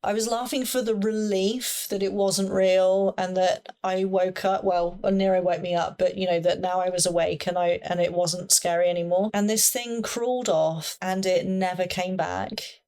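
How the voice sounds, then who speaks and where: A woman's voice: fairly low pitch, fairly even intonation, moderate pace, a little mellow, clear, resonant tone. A young woman casually telling a personal story in a chatty, rambling way full of fillers. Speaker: paranormal storyteller.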